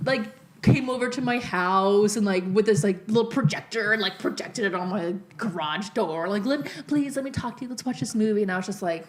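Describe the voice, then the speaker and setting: A young woman on a podcast, telling a story in a rambling way, full of "like" and quick laughs. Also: mid-range voice. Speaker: podcast co-host. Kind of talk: casual chat, storytelling.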